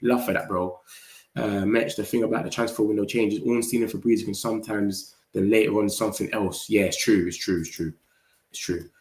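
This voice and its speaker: A man hosting a football channel, chatting casually with viewers in slangy, animated talk. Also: on the low side, brisk, roomy sound. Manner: slangy, animated, talks straight to chat. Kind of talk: casual live-stream chat reading viewer comments.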